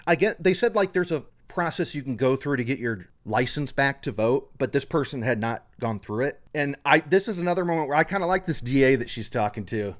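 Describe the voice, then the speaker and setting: Animated man recapping a crime show. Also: medium pitch, brisk, hardly any pauses. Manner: animated, acts out quotes from the case. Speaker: podcast co-host. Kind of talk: casual true crime podcast chat.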